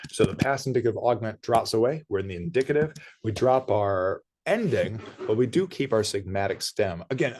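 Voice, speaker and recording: A man teaching a language lesson, explaining step by step with small asides and self-corrections. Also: sits low. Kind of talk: screen-shared language lesson.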